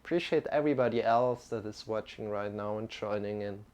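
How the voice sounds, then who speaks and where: A man leading a live-streamed yoga lesson, calm and halting, with many restarts. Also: lowish voice, clear, resonant tone. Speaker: yoga teacher.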